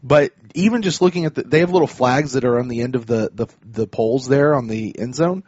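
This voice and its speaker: A man's voice: medium pitch, a little fast, a little mellow, slightly rough, dry recording. A man co-hosting a sports podcast, reading listener emails in a laid-back, chuckling way. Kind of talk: casual sports chat. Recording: dry, slightly dull podcast audio.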